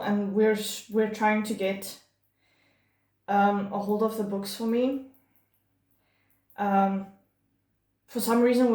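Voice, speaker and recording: A woman's voice: mid-range voice, darkish tone. Chatty gushing woman book vlogger. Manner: chatty and gushing, many fillers and restarts. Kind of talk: casual monthly reading wrap-up. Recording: echoey room.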